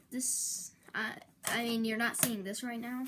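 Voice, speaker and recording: A woman's voice: on the high side, steady tone, slow, noisy background. A woman YouTuber in casual vlog talk, rambling and interrupting herself, with melodramatic outbursts.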